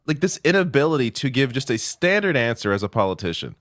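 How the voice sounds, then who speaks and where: A man's voice: medium pitch, big pitch swings, fast, fairly bright tone, no room sound. A man co-hosting a podcast, commenting with incredulous criticism. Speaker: podcast co-host. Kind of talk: casual chat, commentary.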